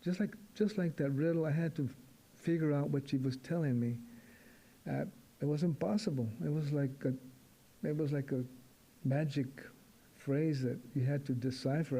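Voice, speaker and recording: An older man speaking to an audience with a mellow, dark-toned voice pitched a touch high. He muses and repeats words as he goes, halting and reflective like a poet telling stories. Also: steady tone. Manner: halting, repetitive, musing. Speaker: poet giving a public talk. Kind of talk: reflective storytelling talk to an audience.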